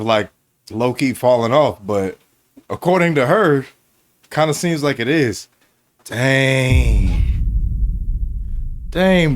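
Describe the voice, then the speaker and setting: Excitable man with a lively voice. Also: mid-range voice. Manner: excitable, heated, slangy. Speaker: reaction video host. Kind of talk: casual reaction commentary.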